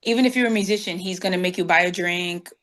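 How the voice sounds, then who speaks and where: A woman's voice: fairly low pitch, fast talker. A woman guest, telling stories in an interview and acting out the voices of the people in them. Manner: animated storyteller acting out quoted dialogue. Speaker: guest saxophonist. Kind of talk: storytelling interview.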